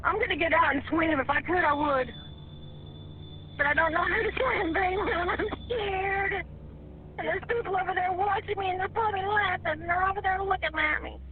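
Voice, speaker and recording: A woman's very high voice comes through a thin, tinny phone line. She is frightened and tearful, stammering and pleading for help in a panicked rush. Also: brisk, a little hiss or hum. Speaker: emergency caller. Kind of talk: recorded emergency call.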